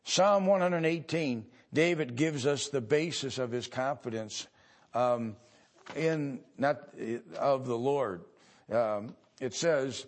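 A male pastor from the United States preaching a sermon, halting and pausing often with many fillers, building to louder emphatic stretches. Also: mid-range voice.

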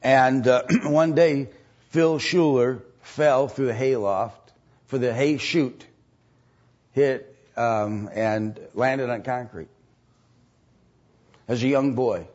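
Husky rambling male preacher. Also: medium pitch, slow pace, long pauses, darkish tone, highs cut off. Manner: rambling with many fillers and restarts. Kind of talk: storytelling sermon.

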